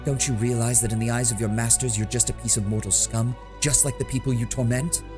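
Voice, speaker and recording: A man's voice: medium pitch, fairly even intonation, quick pace, over music, natural voice. A man reading a bitter, angry crusader. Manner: bitter, accusing. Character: angry grieving male crusader.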